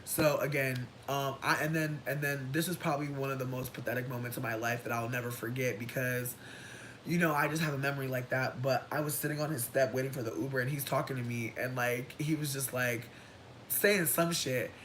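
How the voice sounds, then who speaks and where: Man, livestream host, sassy storytelling, slangy asides, low rumble in the background, close phone mic. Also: fairly even intonation, brisk, a bit bright, poor audio.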